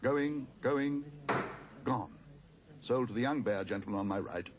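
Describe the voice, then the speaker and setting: A man voicing a brisk male auctioneer in a storybook reading, calling out bids in a loud sing-song. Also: medium pitch, background noise, lightly acted.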